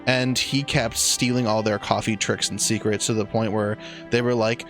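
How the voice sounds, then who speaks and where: Rambling, excitable young man riffing a story. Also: lowish voice, normal speed, soft background music. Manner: rambling, excitable, swears a lot, many restarts. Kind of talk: improvised comic storytelling.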